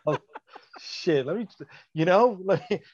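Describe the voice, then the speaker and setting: Brief: blunt profane guy, high pitch, slightly muffled dry sound. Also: animated, unhurried, crowd noise. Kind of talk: casual chat.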